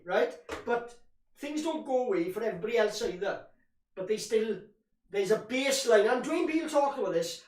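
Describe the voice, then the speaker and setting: Man, fan commentator, frustrated ranting, roomy echo, distant mic. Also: sits high. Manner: frustrated, ranting, calls listeners "boys". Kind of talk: live watch-along commentary.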